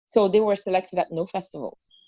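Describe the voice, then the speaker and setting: A woman's voice: fairly low pitch, a little fast, dark tone, no echo. A woman in her thirties from Haiti with a Haitian accent, telling her story as an interview guest with emphatic repetition. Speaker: interview guest, festival founder. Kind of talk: casual interview conversation. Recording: dull, muffled, dry audio.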